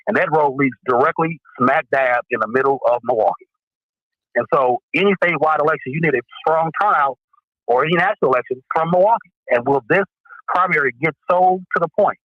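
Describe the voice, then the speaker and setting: Man, radio caller, slightly high voice, analytical, thinking aloud, muffled lo-fi line. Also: fairly quick, dry recording. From Wisconsin, USA. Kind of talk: casual political talk. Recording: dull lo-fi call line.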